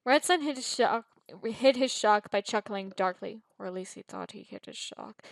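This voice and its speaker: A woman's voice: mid-range voice, moderate pace, creaky, hardly any pauses, no room sound, rough recording. A woman narrating a fan fiction story aloud, often tripping over words and restarting. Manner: frequent stumbles and restarts.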